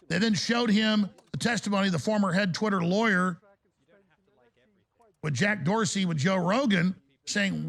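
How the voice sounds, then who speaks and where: A man hosting a talk radio show, ranting through a heated monologue. His voice is pitched fairly high and carries a heavy gravelly rasp. His delivery is forceful and agitated. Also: normal speed.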